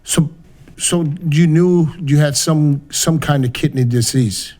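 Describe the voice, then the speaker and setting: A man hosting a podcast interview who keeps his guest going with short prompting questions and quiet murmured acknowledgements. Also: a little high, takes it slowly. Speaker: podcast host.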